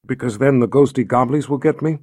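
A man's voice: mid-range voice, brisk, mellow, slightly rough, dry recording, studio quality, natural voice. A man reading aloud, voicing a frightened young girl who asks small, pleading questions.

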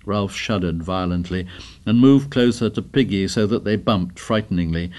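Guy reading a story aloud, lowish voice, measured and dramatic. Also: darkish tone. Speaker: narrator. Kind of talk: scripted narration.

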